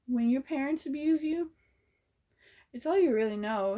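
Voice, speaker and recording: A woman's voice: fairly high pitch, mellow. A young woman telling a story in a casual vlog, blunt and sassy, swearing freely. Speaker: vlogger.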